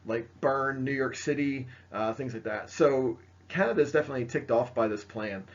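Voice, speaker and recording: Male teacher with a mid-pitched voice, lecturing casually over slides, dull lo-fi recording. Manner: casual, filler-heavy, pointing at slides. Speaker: history teacher.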